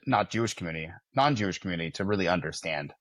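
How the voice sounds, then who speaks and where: A man's voice: sits low, lively intonation, very fast, fairly bright tone, no echo, clean studio sound. Wry American man podcast co-host. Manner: wry, self-deprecating banter. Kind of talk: casual podcast chat.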